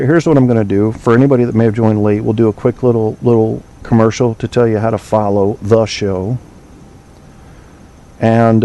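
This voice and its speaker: A man's voice: mid-range voice, mellow. A man hosting a call-in podcast late at night, rambling loosely with profanity and filler. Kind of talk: late-night solo radio show talk.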